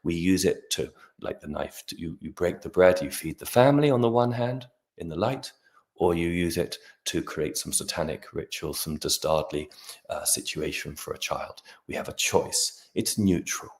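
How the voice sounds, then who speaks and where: A middle-aged man, a guest astrologer on a video-call interview, talking in an expansive, animated way with frequent restarts. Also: sits low, moderate pace. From Britain. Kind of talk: podcast interview.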